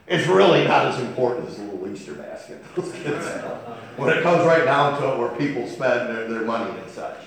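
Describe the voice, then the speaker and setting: Man, pastor preaching a sermon, lively swooping pitch, homespun storytelling, heavy reverb of a church hall. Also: normal speed, gravelly, few pauses, crowd noise. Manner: folksy storytelling preacher, animated delivery. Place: church sanctuary.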